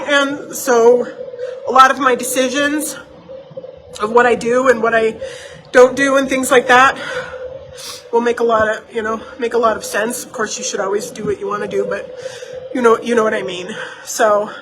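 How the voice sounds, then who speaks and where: A woman's voice: a little high, moderate pace, long pauses. A woman vlogger in her doll shop, chatting heartfelt and rambling, often repeating herself. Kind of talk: casual chat to camera. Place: indoor doll shop room. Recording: steady motor hum behind voice.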